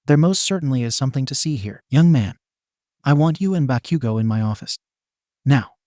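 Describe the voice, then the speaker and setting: A man voicing a middle-aged male school principal who scolds loudly and indignantly. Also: medium pitch, animated, a little fast, no echo, studio quality, close to an everyday voice. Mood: scolding. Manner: loud, scolding.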